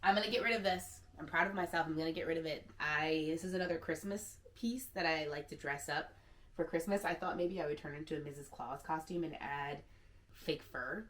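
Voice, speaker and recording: Chatty woman in her thirties, low voice. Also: a little fast, a bit bright. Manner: candid, chatty, sprinkled with "like". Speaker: secondhand stylist. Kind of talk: casual vlog.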